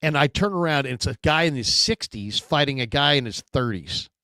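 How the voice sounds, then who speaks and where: A man hosting a sports talk show in casual chat, telling stories with lively acted-out quotes. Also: medium pitch, brisk, no room sound, clean studio sound. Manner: animated storyteller, acts out quotes.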